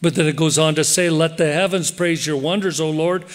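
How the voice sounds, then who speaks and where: A man preaches a sermon in church with an animated, direct delivery. His voice sits a little high for a man. Now and then he acts out the voices he quotes. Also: brisk. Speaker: pastor.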